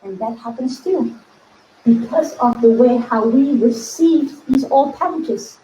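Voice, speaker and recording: A woman spiritual coach talking to her viewers in a casual teaching video, animated, laughing often and acting out inner voices. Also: high-pitched, unhurried, roomy sound, slight background noise, low-quality recording.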